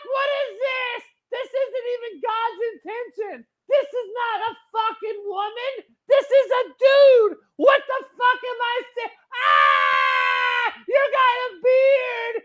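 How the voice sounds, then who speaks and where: A man's voice: very high-pitched, a bit bright, lo-fi sound, voice pushed up, heavily acted. A man voicing an outraged newborn baby boy who shrieks in panic and swears.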